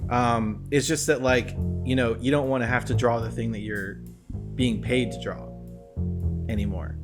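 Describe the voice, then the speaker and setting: A man co-hosts a relaxed bar chat, mid-pitched and talkative, full of restarts and fillers. Guitar music plays clearly in the background. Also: normal speed. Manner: chatty, lots of likes and restarts. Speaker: co-host. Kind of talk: casual chat.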